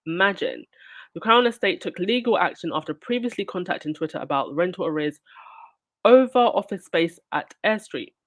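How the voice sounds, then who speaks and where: A woman's voice: fairly low pitch, expressive, normal speed. A woman reading news aloud and breaking off into sarcastic, indignant asides as a channel host. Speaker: royal news commentator.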